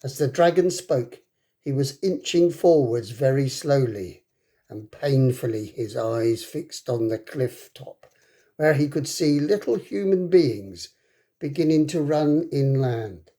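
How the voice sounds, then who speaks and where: A man reading a children's book aloud to a class, with expressive, dramatic delivery. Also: mid-range voice, takes it slowly. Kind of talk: storybook read-aloud. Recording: echoey room.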